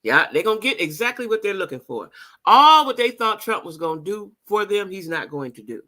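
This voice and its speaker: Lady vlogging, middle-aged, bright forceful voice, keeps repeating herself to drive it home. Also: mid-range voice, very animated, a little fast. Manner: emphatic, repeats phrases for emphasis, talks straight to viewers. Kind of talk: casual vlog monologue.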